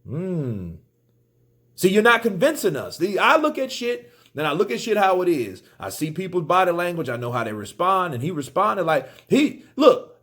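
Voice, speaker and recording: A male boxing commentator talks in a casual vlog, emphatic and full of profanity. His voice sits fairly high and swings up and down with lively energy. He keeps a blunt, animated delivery throughout.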